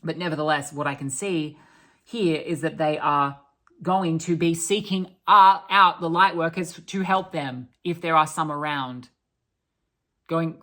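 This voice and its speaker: A woman's voice: sits low, a little slow, sharp tone. A woman giving a channelled spiritual talk, earnest and restarting her sentences often.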